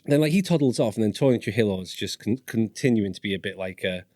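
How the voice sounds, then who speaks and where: A man's voice: lowish voice, animated, fast, dark tone, dry recording, clean studio sound. A man from northern England in his forties, a podcast guest telling stories casually and animatedly, swearing and acting out voices. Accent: Northern English. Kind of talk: casual storytelling.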